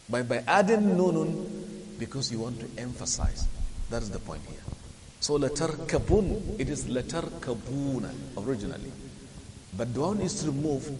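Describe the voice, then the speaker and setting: A man teaching a Quran and Arabic grammar lesson, explaining slowly, quizzing his listeners and chanting the Arabic verses. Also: medium pitch. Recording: hissy recording with long reverb.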